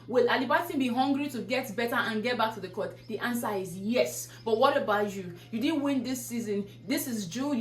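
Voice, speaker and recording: A woman vlogger delivers an earnest pep talk, firing rhetorical question after question at her viewers. Her voice sits a little high. The room around her is echoey. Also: a little hiss or hum. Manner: preachy, repeats rhetorical questions. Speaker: YouTuber giving motivational talk. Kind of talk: casual motivational vlog.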